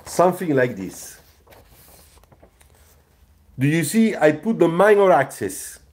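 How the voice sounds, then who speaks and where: A man's voice: on the high side, big pitch swings. A man, a car designer, giving a live sketching lesson and checking in with his viewers again and again. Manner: slow, repetitive, checks in with "you see?". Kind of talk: live drawing tutorial.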